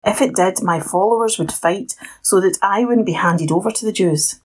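A woman voicing Jesus, calm and solemn, speaking slowly and quietly with a husky tone in a Bible story reading. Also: medium pitch.

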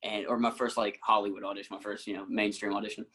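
A man with a husky, slightly rough voice spins a long, animated story as a guest. He acts out the lines of the people he quotes and breaks into laughter often. His tone stays relaxed and conversational. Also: lowish voice, quick pace, rough recording. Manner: animated anecdotes, acting out quotes, frequent laughs. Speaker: actor and musician, guest. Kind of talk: casual storytelling.

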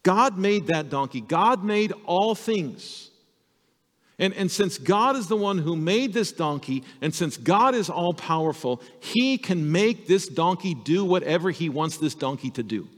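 A male pastor telling a Bible story to children in an animated, storytelling sermon. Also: high-pitched, a little slow, in a large hall.

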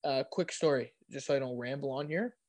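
A young man from Canada telling a podcast host about a football trip, excitable and laughing often, repeating himself as he goes. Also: medium pitch, fairly quick, no room sound. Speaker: podcast guest. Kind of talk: casual sports chat.

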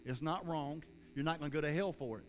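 A man preaching a sermon as pastor in a church, rising loud in acted-out prayers and dropping soft for an altar call and prayer. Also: on the high side, fast talker, a little hiss or hum, low-quality recording. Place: church sanctuary.

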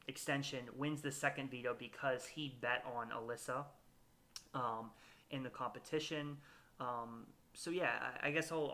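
A man hosting a relaxed recap podcast, his voice bright and clear in the middle of his range. He talks casually and hesitantly, full of ums and self-corrections. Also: mid-range voice. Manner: hesitant, lots of fillers and restarts. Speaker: podcast host. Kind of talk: casual reality-show recap chat.

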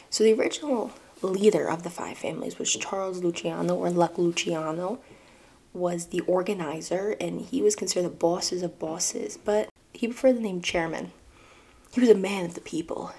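Podcast host, young woman, New York accent, low gravelly voice, chatty and conversational. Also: dark tone. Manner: chatty, conversational, asides to listeners. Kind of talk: casual solo book-and-film chat.

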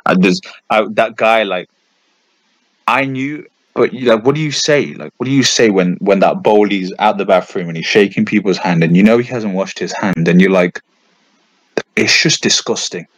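A young man, chatting on a podcast in a rambling, animated way, full of fillers and restarts. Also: lowish voice, normal speed, no echo, poor audio. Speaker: podcast co-host. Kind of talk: casual chat.

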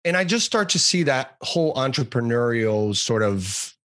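A man in his forties from Brazil, a podcast guest telling his life story in a relaxed, rambling way with many fillers and restarts. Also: medium pitch, normal speed, no echo, studio quality. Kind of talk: casual interview storytelling.

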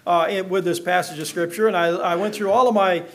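Folksy middle-aged pastor in church, high voice, joking with the congregation. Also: male voice, steady tone, brisk, fairly bright tone. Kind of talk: sermon with scripture reading.

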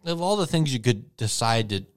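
A man's voice: mid-range voice, a little fast. A man co-hosting a casual comedic chat, joking and slipping into silly voices. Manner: joking, animated, slips into silly put-on voices. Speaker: podcast co-host.

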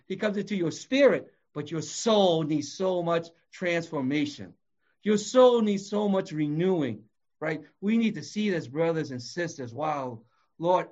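A man with a high-pitched voice delivers a passionate sermon. He swings from shouting to quiet, intimate passages. The recording sounds dull and lo-fi. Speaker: preacher.

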